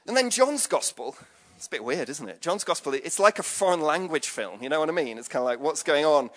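A man giving a relaxed, conversational sermon. His voice sits fairly high for a man, and he talks in a chatty, joking way, full of asides and "you know"s. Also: brisk. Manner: chatty, jokey, with frequent asides and fillers. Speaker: preacher.

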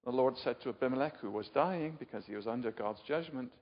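An older Englishman preaches a chatty, informal sermon, frequently quizzing his listeners and making fun of himself. His mid-range voice moves fast, and the audio is muffled within a reverberant hall.

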